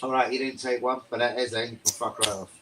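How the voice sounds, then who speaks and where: A man's voice: medium pitch, level tone, brisk, a bit bright, a little hiss or hum. A man hosting a live fan reaction stream, stunned and swearing as he rambles to his viewers. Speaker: fan livestream host.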